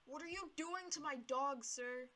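A young woman casually commentating her own gameplay, playful and talking to herself in cutesy baby words, with sudden gasps and shouts. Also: sits high, moderate pace. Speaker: gameplay video creator.

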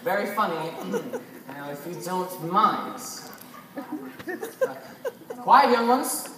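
A teenage girl with a lowish, animated voice speaks slowly, playing a bossy, flustered stage narrator in a school chapel comedy skit. She stammers and puts on a British accent. The sound is an echoey hall with a distant mic, background noise, and music.

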